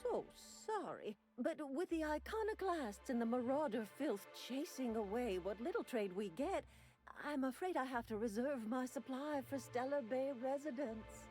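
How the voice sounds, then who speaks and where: A woman's voice: sits high, expressive, normal speed, darkish tone, faint music behind. An actress voicing a fawning, sugary female shopkeeper in a video game who calls everyone dearie. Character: syrupy, doting female shopkeeper auntie.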